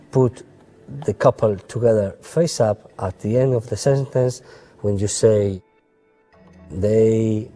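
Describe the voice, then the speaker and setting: A man's voice: on the low side, warm tone, breathy edge. Man teaching card magic. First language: Spanish. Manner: simple, broken English with frequent "okay?" and "eh?" checks; playful, storytelling patter. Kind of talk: instructional demonstration.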